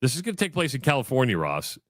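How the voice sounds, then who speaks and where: A man's voice: medium pitch, wildly swooping pitch, quick pace, no room sound, clean studio sound. A man co-hosting a sports radio show, chatting casually and joking, sometimes tripping over his words. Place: radio studio.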